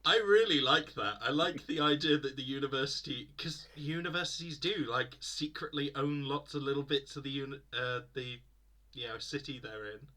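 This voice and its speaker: A man's voice: mid-range voice, normal speed, sharp tone. A man acting as game master, chatting casually and laughing often while planning a tabletop campaign.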